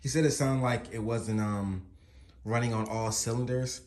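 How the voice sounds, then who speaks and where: A man's voice: mid-range voice, fairly even intonation, moderate pace, darkish tone. A man casually talking through a motorcycle repair for his vlog, rambling and easygoing with lots of fillers. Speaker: motorcycle vlogger. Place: working on a motorcycle. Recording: noisy background ambience.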